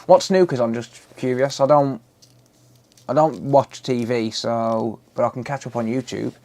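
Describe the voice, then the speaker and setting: A man's voice: medium pitch, steady tone, a little slow, darkish tone. Chatty British man hosting a live stream. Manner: chatty, reads out and answers viewer comments, swears casually. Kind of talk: casual live-stream chat.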